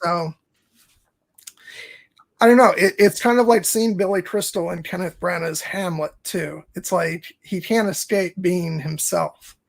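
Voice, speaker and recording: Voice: medium pitch, measured pace, gravelly. A podcast co-host in casual film review chat, hesitant and thinking aloud with many restarts.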